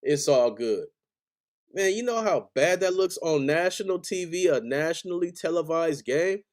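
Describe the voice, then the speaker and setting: Here a man with a high-sitting voice and a moderate pace lets loose as a furious fan on his sports podcast's live stream. The rant is heated and profane, and he repeats himself in angry bursts.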